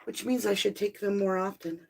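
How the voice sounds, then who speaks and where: A woman chats casually on a live stream into her phone. She talks straight to her viewers, apologizing and narrating as she fiddles with her gear, in a voice of ordinary pitch. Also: a little slow, slight background noise, poor audio. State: out of breath from the stairs. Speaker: host of a live tarot and spirit box stream.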